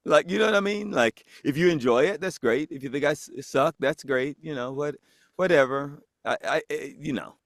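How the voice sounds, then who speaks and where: A man's voice: a little high, moderate pace, gravelly, no room sound, studio quality. A man guest on a podcast, telling a story in casual chat and acting out the voices of the people in it, laughing often.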